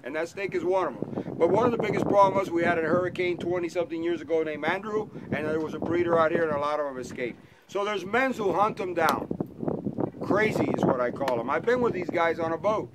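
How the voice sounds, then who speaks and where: A man's voice: fairly high pitch, fast talker. A man guiding an airboat tour outdoors, talking to his passengers in a playful, teasing way and telling stories. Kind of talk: joking guided tour talk to passengers. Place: outdoors on a moving airboat in wetlands. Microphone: 360 camera mounted on the boat. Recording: loud wind and airboat engine noise.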